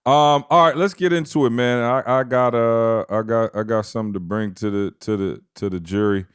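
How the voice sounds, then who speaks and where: A man's voice: medium pitch, moderate pace, smooth, dry recording, clean studio sound. A man co-hosting a casual podcast chat, talking in a laid-back, slangy way. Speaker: podcast co-host.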